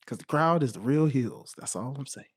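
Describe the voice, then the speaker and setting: A man co-hosting a podcast, chatting casually with a widely swinging pitch. He laughs often and lets his phrases fade into a low mutter. His voice sits in an ordinary middle register. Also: lively intonation, normal speed, breathy edge, no echo, clean studio sound. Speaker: podcast co-host. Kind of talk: casual chat.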